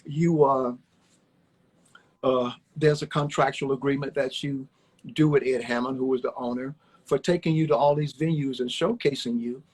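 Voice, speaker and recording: A man's voice: medium pitch, steady tone, normal speed, a little mellow, husky, low-quality recording. An older man from Alabama, a former ballplayer, telling folksy, rambling stories in an interview and repeating his words as he goes. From Alabama, USA. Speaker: former baseball player, guest. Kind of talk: storytelling interview chat. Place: home, on a livestream. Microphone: phone on a live video stream.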